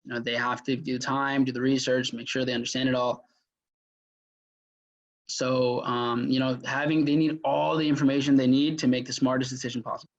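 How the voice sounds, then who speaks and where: Male workshop mentor, mid-pitched, casual and rambling, recorded on a muffled, lo-fi track. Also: little pitch movement, fairly quick. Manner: chatty, filler-heavy, with frequent restarts. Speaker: mentor teaching a sales workshop. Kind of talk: casual live workshop lecture. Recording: dull lo-fi audio.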